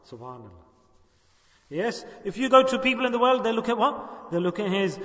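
A high-voiced man preaches a sermon, stopping often to ask his listeners whether they understand. He sounds far from the mic, and his voice rings through a large hall with a long, roomy reverb. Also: a bit bright. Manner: preaching with repeated rhetorical questions. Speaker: religious teacher.

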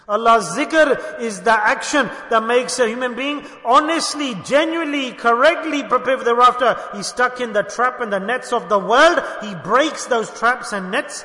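High-voiced impassioned male preacher in echoing hall. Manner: impassioned, swings between hushed and raised delivery; recites Quranic verses in rapid chant. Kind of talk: sermon. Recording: echoey hall with long reverb.

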